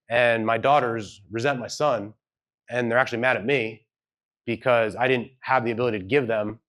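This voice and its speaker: A man speaking at a live event, telling a personal story in a loose, conversational way and acting out the people he quotes. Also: mid-range voice. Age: adult with children. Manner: conversational, hedging, acts out quoted dialogue. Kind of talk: storytelling keynote talk. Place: event hall with audience.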